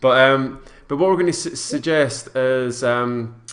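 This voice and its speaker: A man hosting a live online show in a friendly, halting way. He often repeats words and restarts sentences. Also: mid-range voice, fairly bright tone. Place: indoor studio.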